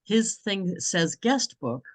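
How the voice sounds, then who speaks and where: A woman's voice: mid-range voice, lively intonation, slow, no room sound. A woman from New England hosting a casual video-call chat, talking freely and laughing often. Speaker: host.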